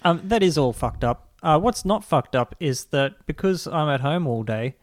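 Rambling, animated podcast host. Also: male voice, fairly high pitch, normal speed, dry recording. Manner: rambling, animated storytelling, swears freely. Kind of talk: casual comedic chat.

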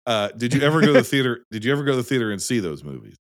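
Man, casual film chat, emphatic, lively swinging pitch, dry close sound. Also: very fast, no echo. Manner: animated, emphatic, swears casually.

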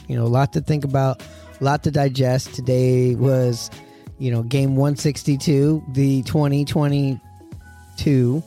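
A man's voice: medium pitch, warm tone. Guy hosting a podcast from a memorabilia room, loose and rambly, swears a bit, mid voice, faint music behind. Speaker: podcast host. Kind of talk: casual podcast chat. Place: memorabilia-filled room at a friend's house.

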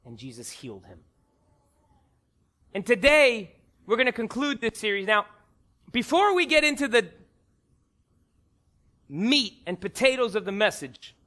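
A pastor in his thirties preaching a sermon, animated and acting out voices in his stories. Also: sits high, measured pace, pauses often.

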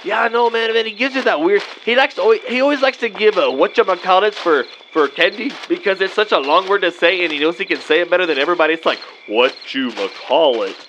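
A man's voice: sits high, fast talker, few pauses, fairly bright tone, lo-fi sound, slight background noise. A man playing a laid-back guy, rambling in slangy drawled talk full of "man" and "vato". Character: laid-back Mexican-American guy trick-or-treating with buddies.

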